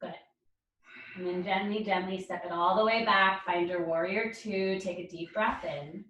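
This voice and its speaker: A woman leading a yoga class, calling out poses and breaths in calm, encouraging cues. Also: mid-range voice, normal speed, far from the mic, muffled recording. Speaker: yoga instructor. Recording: roomy echo, speaker away from mic.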